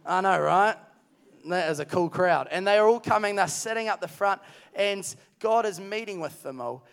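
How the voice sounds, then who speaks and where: A man's voice: sits high, normal speed, creaky, fairly bright tone, clean tone. A man preaching at a youth camp, telling a story earnestly and then calling energetically to the crowd. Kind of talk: sermon. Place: large hall at a camp.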